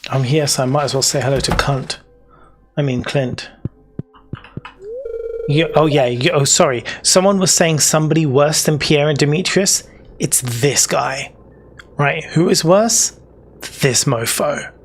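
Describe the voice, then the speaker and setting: A man's voice: fairly high pitch, a little slow, long pauses, slight background noise. A man with a British accent giving casual, rambling gameplay commentary as a let's play host. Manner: chatty, rambling, self-teasing.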